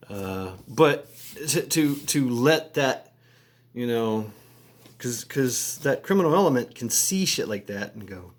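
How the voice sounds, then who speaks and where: A man talking casually to camera in a halting, rambling way, full of fillers, restarts and crude slangy asides. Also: mid-range voice. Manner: halting, many repeated words and fillers. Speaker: vlogger.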